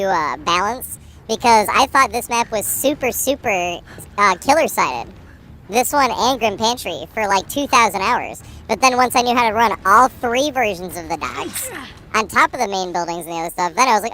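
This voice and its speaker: A woman's voice: mid-range voice, expressive, pushed and bright, soft background music. Woman giving exasperated game commentary. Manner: rapid, exasperated commentary with swearing. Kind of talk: live gameplay commentary.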